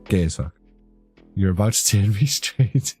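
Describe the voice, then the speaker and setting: A man's voice: fairly low pitch, lively intonation, unhurried, darkish tone. A young man chatting casually with his live-stream audience, rambling and joking, easily amused. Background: faint background music.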